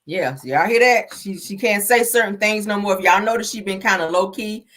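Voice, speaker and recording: A woman hosting a gossip show, talking in a sassy, animated way, full of "honey" and "child" and swearing. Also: medium pitch, brisk. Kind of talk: casual gossip commentary.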